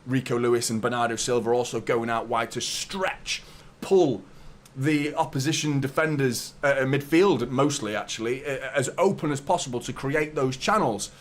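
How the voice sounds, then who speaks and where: A man's voice: mid-range voice, normal speed. A man hosting a live football watchalong, chatting casually, greeting viewers by name and swearing now and then. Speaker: fan channel host.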